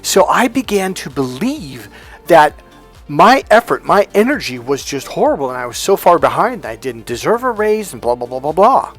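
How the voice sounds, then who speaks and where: A man's voice: fairly high pitch, sing-song, normal speed, fairly bright tone, faint music behind. A man giving a motivational talk as a relationship and healing coach, speaking emphatically and leaning on stories and rhetorical questions.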